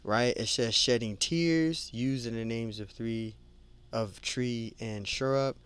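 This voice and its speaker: A man giving an informal Bible study who reads scripture slowly, then talks it over conversationally, repeating himself and calling his listeners "man.". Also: mid-range voice, a little hiss or hum. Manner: conversational, repeats and restarts words, adds "man" and "you know"; reads scripture aloud slowly, then lists word meanings. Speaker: Bible teacher.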